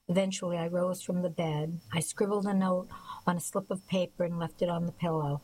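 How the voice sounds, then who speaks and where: A woman reading a first-person novel aloud in a soft, measured, reflective way. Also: on the low side, steady tone, a little hiss or hum, rough recording. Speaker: audiobook narrator. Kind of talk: scripted first-person narration.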